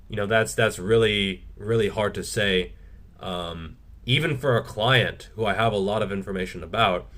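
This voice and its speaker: Frank, casual man with a lowish voice. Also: a bit bright. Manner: frank and casual, swears freely; reads questions aloud, then answers offhand. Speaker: fitness YouTuber. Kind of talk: casual Q&A answering viewer questions.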